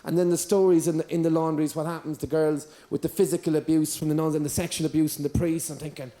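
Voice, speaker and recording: A man doing a stand-up routine, telling a long story in a deadpan style. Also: on the high side, quick pace. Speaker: stand-up comedian.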